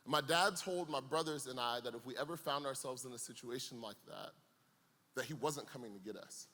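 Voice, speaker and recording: A man's voice: medium pitch, fairly quick, sharp tone. A young man preaching to a youth camp, telling a comic story with playful asides before turning serious. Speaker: camp speaker. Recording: long hall reverb.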